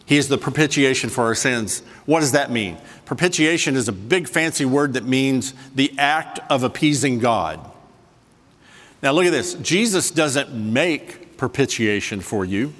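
A man preaching a sermon to a congregation, switching between slow, soft emphasis and quick conversational asides. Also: mid-range voice, animated, big-room sound. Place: church sanctuary with a congregation.

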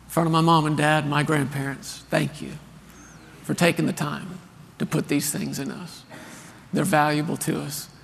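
A man's voice: a little high, normal speed, vocal fry, long reverb tail, a little hiss or hum. A man in his thirties preaching a sermon, telling a story and calling on the congregation to answer back. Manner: storytelling, animated and earnest, calls for responses. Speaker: pastor. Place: large church hall.

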